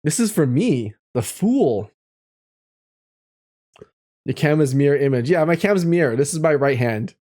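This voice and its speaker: Lively-voiced man chatting on a stream. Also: a little high, measured pace, long pauses. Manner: reflective and encouraging, reads chat aloud, laughs often. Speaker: live streamer reading chat. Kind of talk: casual live-stream chat and tarot reading.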